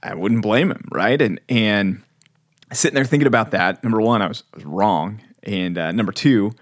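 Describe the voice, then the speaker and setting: A man hosting a casual faith podcast, telling a story with lively acted-out quotes. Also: lowish voice, moderate pace, dry recording, studio quality. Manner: animated storyteller, acts out quotes. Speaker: podcast host.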